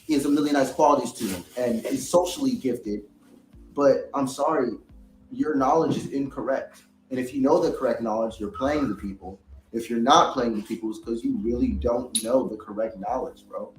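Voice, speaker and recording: A man of mid pitch talks in a heated, rambling way, swearing freely. His studio microphone picks up a roomy space. Faint music sits behind him. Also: moderate pace. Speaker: reaction commentator. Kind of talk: casual monologue.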